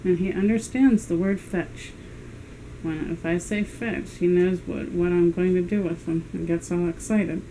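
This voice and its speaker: A woman at home, chatting casually about her cat and calling out commands in a high sing-song. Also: fairly even intonation, a little slow, mellow, slight background noise, poor audio. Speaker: cat owner filming her pet. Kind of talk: casual narration to camera while playing with a pet. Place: indoors at home. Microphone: handheld camera at floor level.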